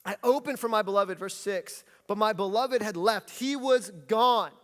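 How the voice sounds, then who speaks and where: Guy preaching in a church, kinda high voice, long echo tail, acts out little bits of dialogue. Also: moderate pace, a bit bright. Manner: storytelling with playful acted-out dialogue. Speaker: pastor. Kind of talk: sermon. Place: church hall.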